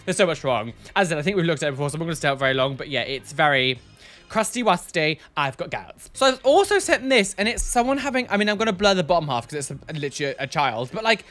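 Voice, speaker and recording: A man reacting to viewer photos with a camp, sassy flair. His pitch swings widely, and his tone is bright and sharp. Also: big pitch swings, fast, soft background music. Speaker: body piercer and show host. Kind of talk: casual reaction commentary.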